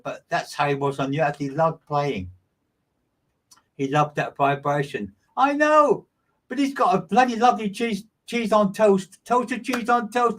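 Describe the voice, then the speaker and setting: A man giving live mediumship readings to viewers, in a chatty, gushing and rambling way with frequent stumbles. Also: on the high side. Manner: gushing, affectionate delivery. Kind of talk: livestreamed psychic reading.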